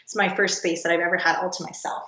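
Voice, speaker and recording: Low-voiced woman on a distant, roomy call. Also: flat delivery, fast, pushed and bright. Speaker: podcast guest, project founder. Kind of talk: casual interview chat. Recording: roomy, distant, dull sound.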